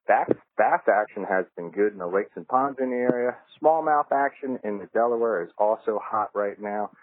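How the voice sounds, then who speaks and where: A man's voice: on the low side, moderate pace, dry recording. A man calling in a folksy fishing report. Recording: tinny phone line.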